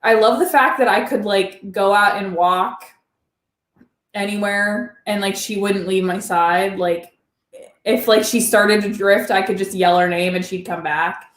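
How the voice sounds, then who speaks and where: A woman host in casual chat about her pet, talking loosely with lots of fillers and quick laughs. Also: medium pitch, steady tone, reverberant. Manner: chatty, filler-heavy, laughs easily. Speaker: channel host.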